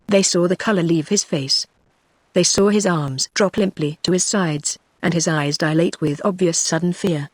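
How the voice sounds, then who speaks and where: A text-to-speech voice with a woman's sound and a British English accent, giving scripted narration of a novel in an even, machine-made reading. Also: on the low side, normal speed, no room sound.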